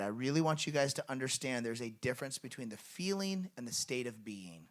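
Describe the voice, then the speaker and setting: A man's voice: mid-range voice, lively intonation, a little fast, few pauses. A man preaching a sermon in a church in an earnest, conversational way, with lots of fillers. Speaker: pastor. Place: church sanctuary.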